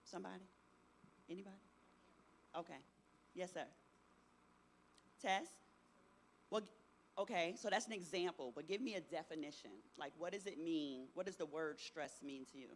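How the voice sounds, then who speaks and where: A middle-aged speaker leads a workshop for teenagers, asking questions of the audience and checking understanding with a steady "right?". The voice sits at a middle pitch, with faint background noise behind it. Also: moderate pace, long pauses. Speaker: youth workshop presenter. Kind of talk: interactive talk to teens.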